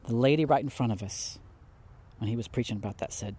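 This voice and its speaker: Husky, impassioned preacher. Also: male voice, medium pitch, quick pace. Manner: impassioned, pleading, swings from soft to loud. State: near tears. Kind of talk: heartfelt spoken sermon.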